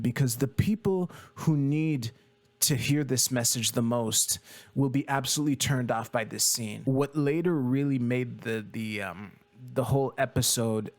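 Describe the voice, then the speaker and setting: Casual young guy from quebec, talks tv, lots of ums and swearing, mid-pitched voice. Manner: rambling and loose, heavy fillers, casual swearing. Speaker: video creator. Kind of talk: casual TV commentary.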